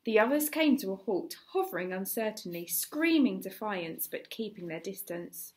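A woman teacher with an English accent reads a children's novel aloud. Her voice is mid-pitched and lively, with the odd slip that she quickly corrects. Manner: expressive, with small slips and self-corrections. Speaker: teacher reading a chapter book. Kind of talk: reading a story aloud.

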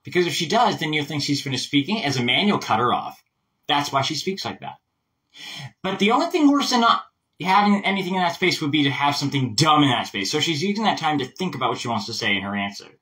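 A man's voice: on the high side, fast talker, distant mic, rough recording. A man giving a casual voice lesson, chatty and full of asides. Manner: chatty, animated, explains with lots of asides. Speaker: voice coach.

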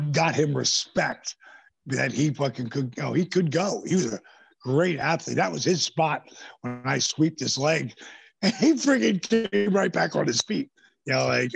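A man guest on a podcast, telling animated stories, swearing freely and acting out the voices of the people in them. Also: on the high side, creaky, husky, no echo. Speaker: podcast guest, former pro wrestler. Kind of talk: casual storytelling interview. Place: podcast studio.

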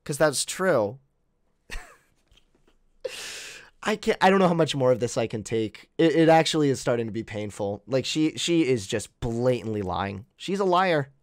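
A man's voice: medium pitch, animated, normal speed, dry recording, clean studio sound. Exasperated sarcastic man ranting. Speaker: commentary channel host. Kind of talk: reaction commentary.

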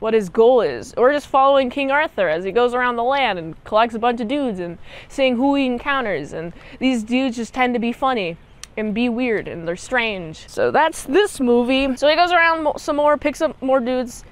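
A woman's voice: fairly high pitch, clear, resonant tone. A young woman giving a casual movie recap and review, chatty and slangy, peppered with "like" and "dude".

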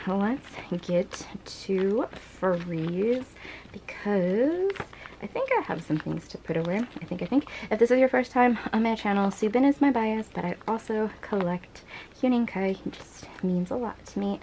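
A woman's voice: medium pitch, animated, normal speed, darkish tone, slight background noise, poor audio. A young woman vlogging casually as she unboxes and sorts her collectibles, gushing and giggling often.

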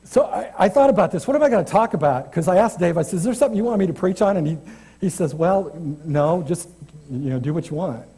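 A man's voice: high-pitched, lively intonation, fast, mellow, husky. A man preaching an informal, chatty church sermon as a guest preacher, self-deprecating and often restarting his sentences. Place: church sanctuary.

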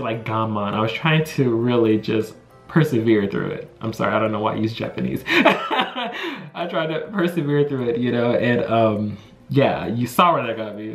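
A man's voice: medium pitch, fairly bright tone. A young man from the United States telling a casual storytime to camera, rambling with many fillers like "you know" and "like". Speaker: vlogger. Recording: echoey room.

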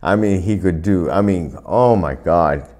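Lowish guy swearing nonstop, laughing through wild road stories, interview mic. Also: unhurried. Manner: profane, laughing, animated anecdotes. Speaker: retired pro wrestler, interview guest. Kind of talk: storytelling shoot interview.

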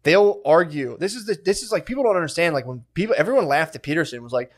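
A man's voice: a little high, animated, fast. A young man co-hosting a podcast in casual, profane banter, riffing and mimicking other people's voices. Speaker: podcast co-host.

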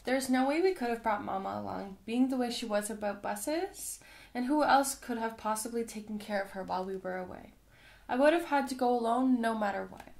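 A woman's voice: fairly high pitch, brisk, vocal fry, a little mellow. A woman reading a novel aloud as the regular reader of her channel, dropping in chatty asides between passages. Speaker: audiobook reader.

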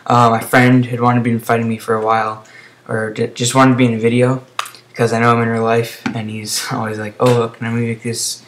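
A man's voice: mid-range voice, a little hiss or hum, low-quality recording. Rambling young man commenting on gameplay. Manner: rambling, excitable outbursts, then trailing off quietly. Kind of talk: casual game commentary.

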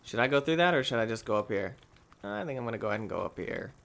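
A man hosting a gaming video, talking through his play in an excitable, exclamatory, rambling way. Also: lowish voice, racing, gravelly. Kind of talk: let's play commentary.

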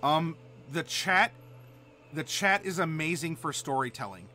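Friendly male streamer, from Ohio, talky and filler-heavy, bright slightly high voice. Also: animated, unhurried, a little hiss or hum. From Ohio, USA. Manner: chatty, reads chat aloud, many fillers. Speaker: streamer host. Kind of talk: casual live-stream chat.

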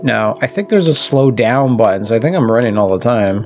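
A man's voice: medium pitch, expressive, fairly quick, darkish tone, soft background music. A man casually commenting while he plays a video game, wry and jokey, swearing and talking to the enemies. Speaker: gaming channel host. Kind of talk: casual let's-play commentary.

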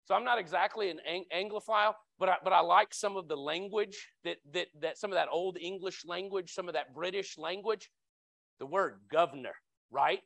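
Bright, dry-voiced lay preacher man. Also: normal speed, creaky, dry recording. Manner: conversational, repeats words, acts out cries with sudden loud high shouts. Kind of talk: sermon. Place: church sanctuary.

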